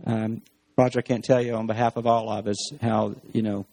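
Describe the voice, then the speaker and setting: A man leading a church service, talking gently with many pauses and fillers, interviewing a guest and then praying aloud. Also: fairly low pitch, little pitch movement. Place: church hall.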